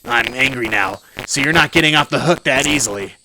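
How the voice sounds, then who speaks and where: Man doing a gruff old mob-boss politician. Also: medium pitch, expressive, normal speed, background noise, lightly acted. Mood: angry commanding. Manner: gruff, commanding, threatening.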